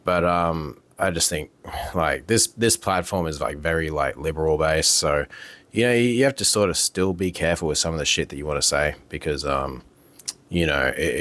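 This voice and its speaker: Low-voiced man ranting to camera. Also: moderate pace, a bit bright. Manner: heated, profane, repetitive, frequent fillers. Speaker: vlogger. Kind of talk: casual rant to camera. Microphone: camera mic.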